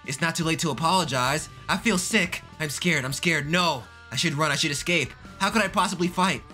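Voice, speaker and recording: Man doing a jittery teen boy boxer talking himself through fear, bright voice. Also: a little high, fairly quick, faint music behind. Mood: anxious. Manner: anxious, self-coaching. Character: nervous teenage boy boxer, inner monologue.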